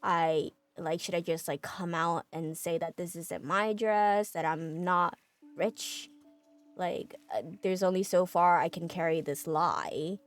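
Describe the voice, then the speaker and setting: A woman's voice: lowish voice, steady tone, slow, soft background music. Jittery young woman, hesitant and stammering, put on by a female narrator. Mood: anxious. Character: nervous young woman hiding that she is poor.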